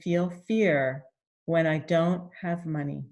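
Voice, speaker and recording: In this clip a woman coaches listeners through tapping, her tone gentle. She voices repeated first-person statements, pausing for deep breaths and sighs.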